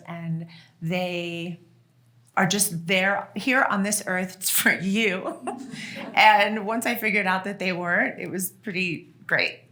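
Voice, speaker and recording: Bright-voiced woman telling family stories. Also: on the low side. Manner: chatty, laughs often, many fillers and restarts. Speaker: author and guest speaker. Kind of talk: casual storytelling to an audience.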